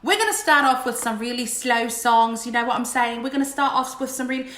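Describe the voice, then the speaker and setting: A woman's voice: a little high, a little fast, fairly bright tone. Chatty, tipsy woman on a livestream. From Queensland, Australia. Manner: chatty, joking, a little tipsy. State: slightly tipsy. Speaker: livestream singer. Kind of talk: casual livestream chat. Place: her house, indoors. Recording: echoey room with backing music.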